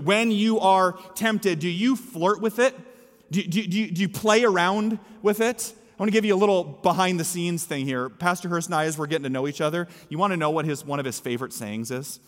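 A male pastor with a high-pitched, slightly bright voice delivers a sermon in a church sanctuary. He preaches with emphasis and repeats his key lines. The recording is from an echoey hall with long reverb.

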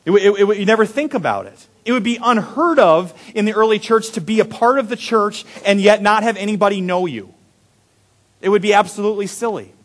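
Animated young man preaching a sermon. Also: high voice. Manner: animated storyteller, swinging from loud to hushed. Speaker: pastor.

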